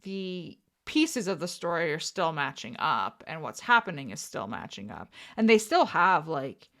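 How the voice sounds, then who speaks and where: Lively, low-pitched woman chatting casually. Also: unhurried. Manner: thinks aloud with many fillers and restarts. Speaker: podcast co-host. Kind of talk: casual chat.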